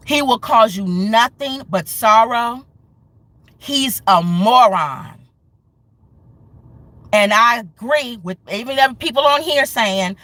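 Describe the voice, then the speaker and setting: Woman, show host, impassioned commentary rant, slow deliberate delivery, higher voice. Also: pushed and bright, no echo. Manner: impassioned, angry, emphatic.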